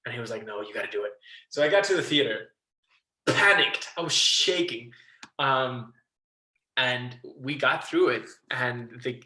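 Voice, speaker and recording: A man guest on a casual interview podcast, telling a backstage story with lively acted-out quotes, swearing and laughing. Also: medium pitch, roomy sound, rough recording. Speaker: guest, musical theatre actor.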